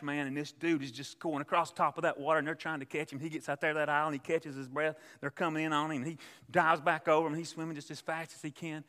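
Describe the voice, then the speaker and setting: A man's voice: medium pitch, pushed and bright, long reverb tail. A man preaching a sermon, telling a story and acting out its voices. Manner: storytelling preacher, acts out voices in his tales.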